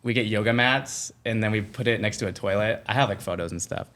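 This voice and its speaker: A man guesting on a podcast, telling a personal story in a casual, animated way, full of "like" fillers and acted-out quotes. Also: fairly low pitch, quick pace. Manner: animated, acts out quoted voices, many "like" fillers.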